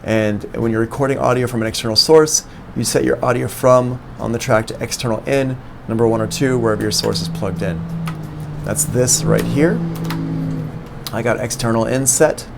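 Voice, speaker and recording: A man teaches a live-streamed music production lesson, walking through the steps on screen one by one into a studio microphone plugged into an interface. His mid-range voice is creaky and moderately paced, with background noise.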